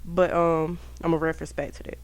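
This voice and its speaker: A young woman hosting a podcast, telling stories from her school years in a casual, profane, animated way, talking straight to her listeners. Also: sits low, brisk, no room sound. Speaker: podcast host. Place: indoors at home.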